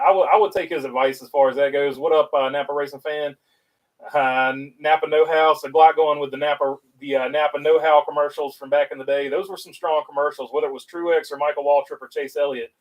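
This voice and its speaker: A man's voice: a little high, fairly even intonation, a little fast, far from the mic, poor audio. A man with a North Carolina Southern accent hosting a casual livestream, reading viewer chat aloud and rambling with lots of filler uhs.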